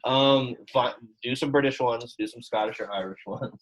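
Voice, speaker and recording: A man's voice: medium pitch, moderate pace, a bit bright, rough recording. Casual man teaching Latin. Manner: casual, chatty, asks the class questions. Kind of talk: classroom lecture. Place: classroom.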